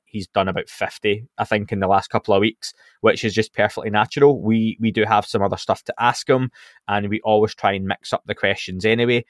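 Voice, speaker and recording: A man's voice: lowish voice, no echo, studio quality. A man hosting a podcast, chatting casually through show updates with plenty of ums and restarts. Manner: relaxed, chatty, with frequent fillers and restarts. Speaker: podcast host.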